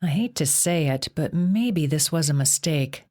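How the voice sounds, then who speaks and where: A calm young male god of sleep from an audiobook, voiced by a woman. He talks softly and evenly, low and unhurried, almost a whisper at times. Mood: gentle. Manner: soft, calm, hushed.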